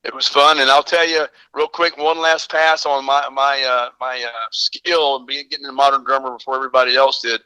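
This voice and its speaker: Very bright-voiced older man telling stories. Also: medium pitch, little pitch movement, fairly quick, hardly any pauses, clear, resonant tone, no room sound, low-quality recording. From American South. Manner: rambling, enthusiastic storyteller. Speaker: guest drummer. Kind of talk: casual phone-in storytelling.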